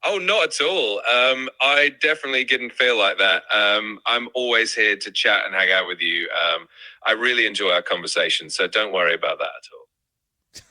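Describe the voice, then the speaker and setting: A male-sounding AI voice assistant with a British received pronunciation accent, chatting in a smooth, agreeable, reassuring way. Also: on the low side, normal speed, bright, forceful tone, low-quality recording. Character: upbeat male AI chat assistant. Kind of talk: conversational AI chat.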